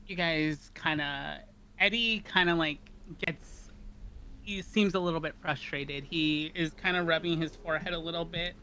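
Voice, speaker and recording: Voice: mid-range voice, normal speed, bright, forceful tone, slight background noise, poor audio. Hesitant player describing a character. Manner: hesitant, hedging with "kinda". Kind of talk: casual tabletop narration.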